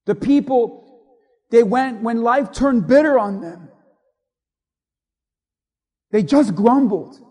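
Pastor, male, very high voice, emphatic sermon delivery, long church-hall reverb. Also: lively intonation, slow, pauses often. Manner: emphatic preaching, swinging from loud to hushed.

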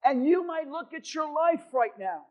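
A male pastor preaching to his congregation. He moves from a quiet prayer to a loud, stirring sermon. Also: very high-pitched, animated, unhurried, poor audio. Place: church in front of a congregation.

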